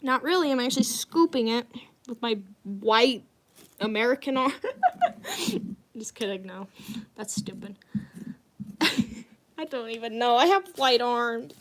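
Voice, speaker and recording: A young woman with a fairly high voice talks casually to her live-stream viewers. She rambles from thought to thought and breaks into frequent giggles as she chats. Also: lively intonation, slow pace, pauses often, fairly bright tone. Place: at home indoors.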